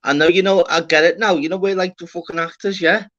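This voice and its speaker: A young man with a Liverpool accent, hosting a casual livestream with loud, swearing banter. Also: high voice, steady tone, fast, muffled recording. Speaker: livestream host.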